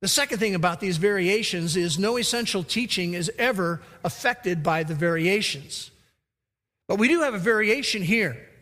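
Man, pastor, emphatic sermon, high voice, long reverb in a church hall. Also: moderate pace, pushed and bright. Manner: emphatic preaching, acting out quoted lines.

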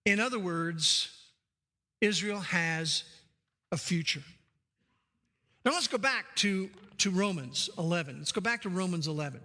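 High, bright-voiced male preacher. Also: expressive, unhurried, pauses often. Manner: emphatic, repeats key phrases for stress. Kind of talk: sermon. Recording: long hall reverb.

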